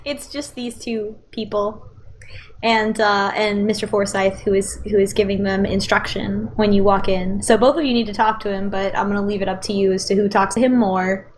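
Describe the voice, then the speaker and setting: A woman's voice: mid-range voice, fairly even intonation, moderate pace, slight background noise. A woman narrating as game master, hesitant, with many fillers and restarts.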